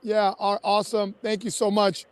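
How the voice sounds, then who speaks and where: A man's voice: high-pitched, level tone, moderate pace, smooth. A man hosting a live-streamed interview over a video call, enthusiastic and appreciative toward his guest. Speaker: host.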